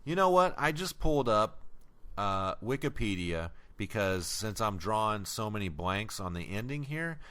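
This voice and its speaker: A man talking on a podcast in a lowish voice, reviewing a film in loose casual chat. He swears often and laughs as he goes. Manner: profane, animated, quick to laugh. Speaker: podcast co-host.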